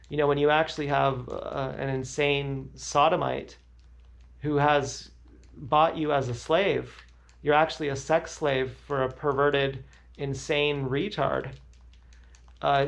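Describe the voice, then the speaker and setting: Gravelly young man, rambling and agitated. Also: a little high. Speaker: livestreamer. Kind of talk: emotional livestream monologue.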